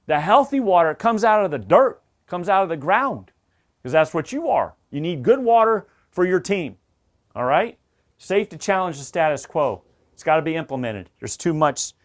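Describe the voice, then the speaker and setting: High-voiced man coaching safety. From Southern United States. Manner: emphatic, repetitive, coach-like. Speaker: safety instructor. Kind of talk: energetic safety training talk.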